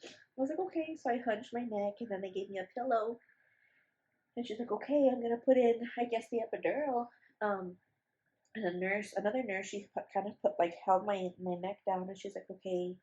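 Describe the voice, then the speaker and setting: A woman's voice: mid-range voice, steady tone, normal speed, darkish tone, lo-fi sound. Young woman vlogger, casual storytelling, rambly with lots of "like"s. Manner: chatty, many fillers and restarts. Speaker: vlogger, new mother.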